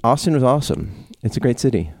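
A man's voice: medium pitch, expressive, quick pace, darkish tone, no echo, studio quality. A middle-aged man co-hosting a podcast, chatting casually with wry, joking asides. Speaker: podcast co-host. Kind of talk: casual chat.

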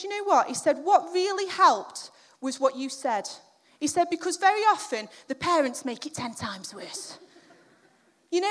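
A middle-aged woman preacher with a high voice delivers a chatty, self-deprecating sermon built on a personal story. She acts out the quotes as she goes.

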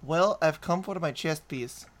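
A man playing in a tabletop game, chatting casually, halting and repeating words as he jokes. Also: a little high, fairly bright tone. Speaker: player.

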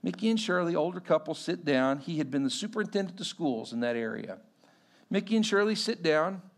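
Gravelly forty-something preacher telling a story. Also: male voice, a little high, animated, a little fast. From Texas. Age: 40s. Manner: storytelling with acted-out quotes, swings between loud and hushed. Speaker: pastor. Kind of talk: sermon.

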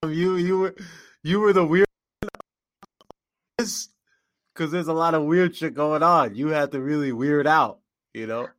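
A man's voice: on the high side, steady tone, a little slow, pauses often, a bit bright. A man hosting a podcast in casual chat, laid-back, laughing often and swearing casually. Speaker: podcast host.

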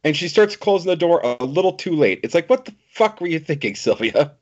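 A man co-hosting a casual podcast chat, talking in a lively, laughing way with some casual swearing. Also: on the high side, fairly quick. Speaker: podcast co-host. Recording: dull lo-fi podcast audio.

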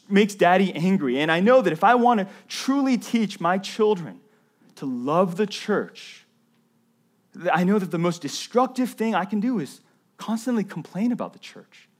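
A young adult man preaching a sermon as a pastor, earnest and conversational, often checking in with the congregation. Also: sits high. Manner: earnest, conversational preaching with frequent "right?" asides.

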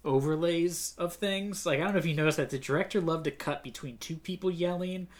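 A man's voice: a little high, brisk. A man co-hosting a comic book podcast in casual chat, opinionated and rambling, full of "like". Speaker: podcast co-host.

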